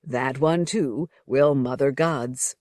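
A reader voicing a deferential male servant who acts as a guide, speaking calmly and politely. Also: mid-range voice, slow, no room sound, studio quality, natural voice. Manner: calm, polite, explaining.

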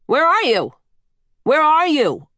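A crude, fearless old coyote woman from a spoken storybook, as a female reader puts her on, talking in a blunt, earthy drawl that sinks lower than the narration. The delivery is unhurried, and the recording is close and dry with no room sound. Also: very animated, a bit bright, dry recording, heavily acted. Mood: calling out. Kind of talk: audiobook character voice.

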